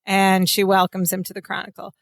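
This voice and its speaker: A woman's voice: mid-range voice, completely flat delivery, brisk, gravelly, no echo. A woman co-hosting a podcast, casually recapping scenes with amused asides. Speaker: podcast co-host. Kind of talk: casual episode recap chat.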